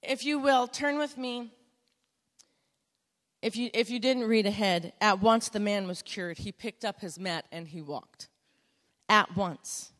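A woman preaching a sermon, conversational and storytelling, building to emphatic, loud exclamations. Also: medium pitch, unhurried, pauses often. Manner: conversational storytelling with self-talk asides. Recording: long hall reverb.

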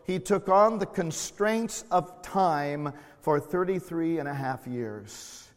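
A middle-aged man preaching a sermon in a church, slow and emotional, swelling loud then dropping to quiet tones. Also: on the high side, long reverb tail. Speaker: pastor. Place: church sanctuary.

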